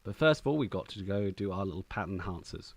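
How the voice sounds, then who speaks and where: A man's voice: deep voice, animated, quick pace. A man casually commenting on the game he is playing as a streamer, chatty and playfully joking at his own expense. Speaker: gaming streamer.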